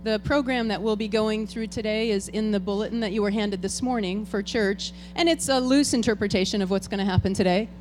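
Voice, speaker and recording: A woman's voice: mid-range voice, steady tone, brisk, hardly any pauses, darkish tone, a little hiss or hum. A woman serving as board president, hosting a farewell tribute and talking to the congregation in a chatty, informal way. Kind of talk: ceremony address to a congregation. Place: church hall with an audience.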